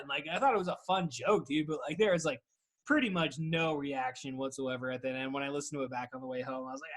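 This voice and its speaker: A man's voice: medium pitch, quick pace, a bit bright. A young man hosting a podcast, rambling casually with lots of swearing and "dude". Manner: rambling, profane, says "dude" constantly. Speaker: podcast host. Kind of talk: casual chat.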